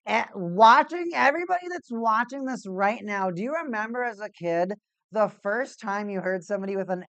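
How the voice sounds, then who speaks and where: A woman hosts a hockey watch-party stream and chats casually with her viewers. She rambles, jokes and circles back over the same points. Her mid-pitched voice sounds dry and close, with no room echo. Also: fairly bright tone. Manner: rambling, jokey, repeats herself. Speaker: livestream host.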